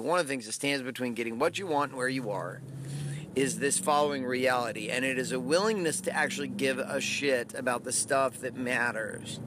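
A man's voice: mid-range voice, background noise. A man hosting a podcast, talking in an emphatic, candid motivational monologue and swearing freely. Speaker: podcast host.

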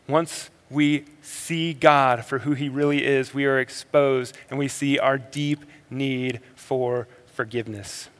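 Preacher with a lively, ringing delivery. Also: male voice, mid-range voice. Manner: swings between energetic emphasis and quiet, slow reflection. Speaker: pastor. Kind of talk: sermon. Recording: long hall reverb.

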